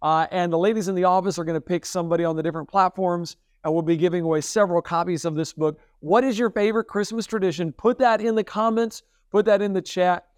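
Upbeat high-voiced man hosting a show. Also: fairly even intonation, fast talker, few pauses, smooth, no room sound, studio quality. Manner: upbeat, repeats himself for emphasis. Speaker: podcast host.

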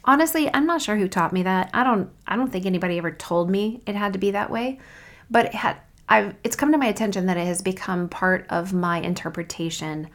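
A woman hosting a faith podcast, speaking in an earnest, reflective and encouraging way, reading scripture slowly and deliberately. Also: medium pitch. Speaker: podcast host. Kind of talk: faith podcast devotional talk.

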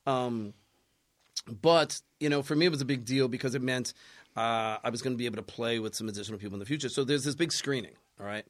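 A man's voice: mid-range voice, quick pace. A man being interviewed as a guest, telling a funny story with lots of laughter and voices for other people. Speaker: guest, film producer. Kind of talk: animated storytelling in a podcast interview.

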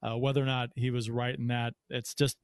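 A man hosting a casual hockey podcast, breaking down plays in a halting way with many fillers. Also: medium pitch, little pitch movement, smooth, no room sound, studio quality. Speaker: podcast host.

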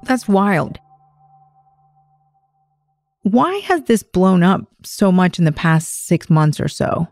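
Lady podcast host reading news script, low-ish mellow voice, calm and measured. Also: no room sound. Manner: measured, explanatory.

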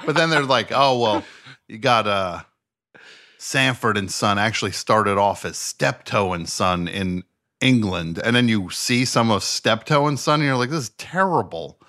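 Male podcast guest, fairly low voice, bright edge, dry and wry. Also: measured pace. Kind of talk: casual comedic chat.

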